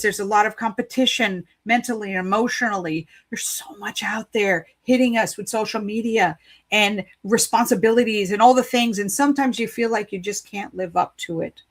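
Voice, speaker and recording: A woman's voice: medium pitch, fairly bright tone. A woman giving spiritual card readings on a live stream, chatty, playful and encouraging.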